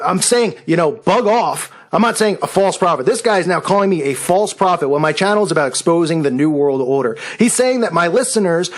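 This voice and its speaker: A man hosting his own channel, delivering a combative, sarcastic rant at a rival. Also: sits high. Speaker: video channel host. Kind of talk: angry rant video.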